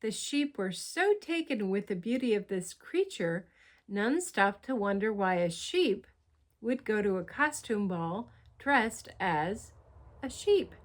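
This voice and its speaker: A woman reads a picture book aloud, taking her time over each line at a slow pace. Her voice sits at a middle pitch, and she tells the story expressively, dropping into soft asides to the listener. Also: animated. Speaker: storybook reader.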